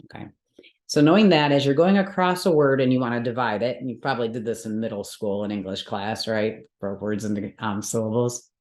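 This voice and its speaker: A woman's voice: rumbling low, fairly quick, darkish tone. Patient woman teacher in a roomy space. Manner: patient step-by-step explaining, frequent check-ins with the class. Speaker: yoga and Sanskrit teacher. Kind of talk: teaching a mantra workshop. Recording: roomy echoey room.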